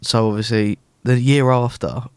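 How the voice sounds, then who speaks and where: Man, mid-range voice, animated anecdote-teller, dry close recording. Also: mid-range voice, moderate pace, clean tone, dry recording. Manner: animated storyteller who acts out quoted dialogue. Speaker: podcast co-host. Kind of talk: casual chat.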